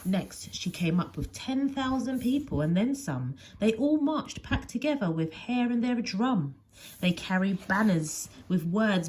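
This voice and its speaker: A woman's voice: a little high, expressive, a little slow, a little mellow, slightly rough. A woman teacher reading a picture book aloud with expression, often dropping to a whisper. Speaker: primary school teacher.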